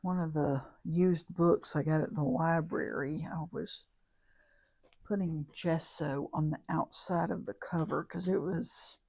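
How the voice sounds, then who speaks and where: A woman's voice: low-pitched, steady tone, a little slow, creaky, darkish tone, breathy edge. A woman chatting casually while she demonstrates a craft, rambling and thinking aloud as she corrects herself. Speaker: craft vlogger. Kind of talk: casual crafting demo chat.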